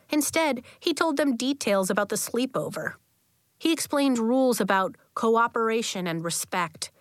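A woman narrates a children's novel with an expressive, storytelling lilt. Her voice sits at a middling pitch and is recorded close to the mic, dry with no room echo. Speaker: audiobook narrator.

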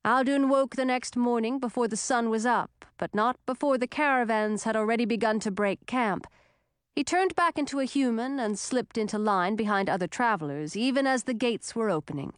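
Brief: woman audiobook narrator, calm even storytelling, dry close mic. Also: on the high side, clear, resonant tone, no room sound. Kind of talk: scripted narration.

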